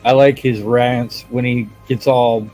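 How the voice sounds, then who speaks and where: A man with a middle-pitched voice chats on a live stream in a laid-back, amused way. He speaks unhurriedly and drops into quiet remarks. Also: little pitch movement, takes it slowly, faint music behind, poor audio. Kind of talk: casual live-stream chat.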